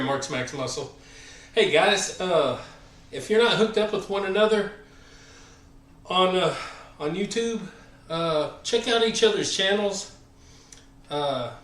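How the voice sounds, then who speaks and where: Winded Southern man in an echoey gym. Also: fairly high pitch. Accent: Southern American. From American South. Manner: rambling, filler-heavy, friendly shout-outs. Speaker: fitness channel host. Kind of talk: casual live-stream chat between workout sets. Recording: echoey room, voice far from the mic.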